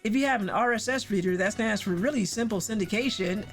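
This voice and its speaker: A woman's voice: medium pitch, fast talker, faint music behind. A woman streaming a video game, chatting casually with wry, self-interrupting asides. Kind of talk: casual live-stream commentary.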